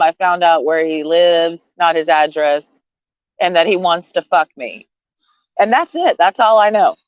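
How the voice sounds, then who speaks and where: A woman's voice: medium pitch, no room sound. A woman venting in a casual rant to camera, blunt and sarcastic, swearing freely and laughing between jabs. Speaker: vlogger. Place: outdoors, sitting under a tree. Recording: dull, lo-fi sound.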